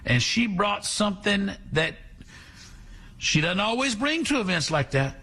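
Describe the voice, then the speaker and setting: A male talk radio host delivers sarcastic, animated commentary, his voice swinging widely in pitch. It sounds high, bright and a bit husky. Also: a little slow.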